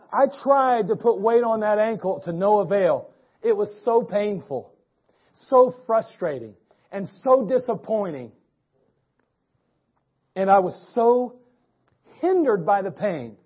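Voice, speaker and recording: A man's voice: sits high, breathy edge. A male pastor from preaching a sermon, telling a personal story in a folksy way with frequent restarts. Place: church sanctuary. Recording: dull lo-fi church recording.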